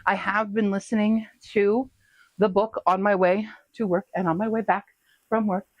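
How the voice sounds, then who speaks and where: A woman casually talking through her reading progress in a home vlog, chatty and quick to laugh. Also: medium pitch, level tone, no echo, highs cut off. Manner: chatty, laughs often, talks to her pets. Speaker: book vlogger.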